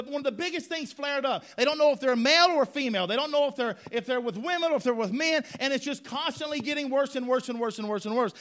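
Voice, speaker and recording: Male preacher, very high and bright voice, emphatic and repetitive, church sermon. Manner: emphatic, repeats phrases, asks congregation for response.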